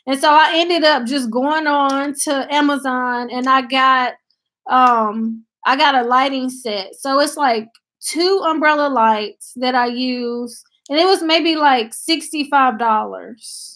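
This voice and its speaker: Woman, Tennessee country accent, casual live-stream chat, high-pitched, slow and unhurried. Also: a bit bright. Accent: Southern US country. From Tennessee, US South. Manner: chatty, thanks viewers by name, many fillers. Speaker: channel host on a live stream. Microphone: laptop.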